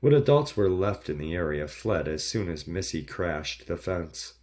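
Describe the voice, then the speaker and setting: A man with a very deep voice reads a horror story aloud. His delivery is measured and dramatic, and he builds tension line by line. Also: big pitch swings, a little mellow. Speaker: narrator.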